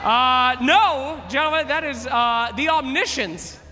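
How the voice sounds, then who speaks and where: A man hosting a quiz at a live event, loud and playful, teasing contestants and shouting out to the crowd. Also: extremely high pitch, slow pace. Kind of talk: energetic stage hosting to a crowd. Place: large live event arena. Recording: echoey arena hall with music.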